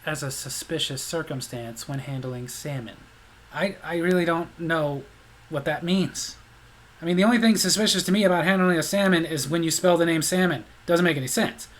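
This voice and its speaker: A high-pitched man delivering a comedic monologue to camera. He rants with open disbelief and sarcasm, firing off rhetorical questions. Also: a bit bright, slight background noise. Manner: incredulous, ranting, sarcastic. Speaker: vlog host.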